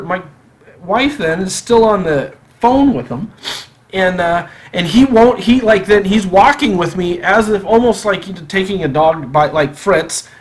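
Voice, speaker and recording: A man's voice: high voice, unhurried. Man telling a story on a podcast. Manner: animated, acts out quoted dialogue. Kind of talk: casual spoken storytelling.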